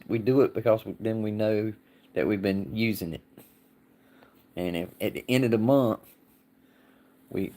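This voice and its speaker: A man's voice: lowish voice, darkish tone. A man hosting a casual livestream, answering viewers in a rambling, folksy way and laughing often. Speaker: livestream host.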